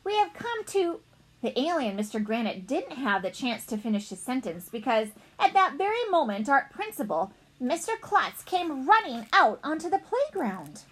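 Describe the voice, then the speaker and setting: A woman reading a children's chapter book aloud, expressive and playful. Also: high voice, normal speed, hardly any pauses, slightly rough. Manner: expressive, playful character voices. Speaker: reader.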